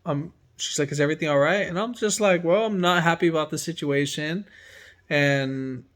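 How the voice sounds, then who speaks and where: Mechanic guy telling a story, kinda high voice, acting out his own reactions. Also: normal speed, fairly bright tone. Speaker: mechanic working from home. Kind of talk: casual storytelling.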